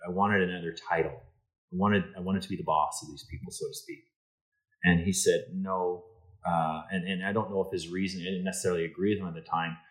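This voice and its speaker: A middle-aged man with a low, deep voice shares workplace stories in a relaxed interview. He slips into quoted dialogue with energy. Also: rough recording. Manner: animated anecdotes, acts out quoted dialogue. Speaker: insurance executive, podcast guest. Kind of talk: casual storytelling interview.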